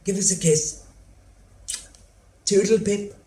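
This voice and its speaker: A man's voice: high voice, fairly even intonation, slow, warm tone, pitched above the performer's own voice. A flighty, chirpy old mum, as a man puts her on. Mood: breezy. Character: flighty, chirpy older mother, breezy and dismissive. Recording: roomy theatre sound.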